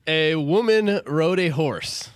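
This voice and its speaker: Man, podcast co-host, reads news, laughs a lot, slightly high voice, dry close mic. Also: dry recording. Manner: reads stories with frequent laughter. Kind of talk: casual podcast chat, reading news aloud.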